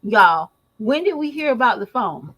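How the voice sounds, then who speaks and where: A woman's voice: a little high, big pitch swings, normal speed, a bit bright, rough recording. A woman vlogger giving casual gossip commentary, slangy and emphatic, who laughs often as she talks.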